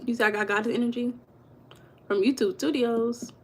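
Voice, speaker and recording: A woman's voice: on the high side, steady tone, normal speed, darkish tone, a little hiss or hum. Chatty woman gossiping on a livestream. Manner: chatty, gossipy, reads chat aloud. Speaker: livestream host. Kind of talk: casual livestream chat with viewers.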